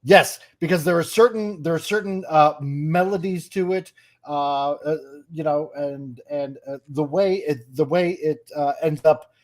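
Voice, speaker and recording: Eager man with a fairly high voice. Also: a little slow. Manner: eager, stumbling over restarts and fillers. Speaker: podcast guest. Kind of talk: casual chat.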